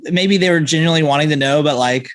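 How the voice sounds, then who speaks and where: A man hosting a podcast, chatting casually in halting sentences full of "like". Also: on the high side. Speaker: podcast host. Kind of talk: casual chat.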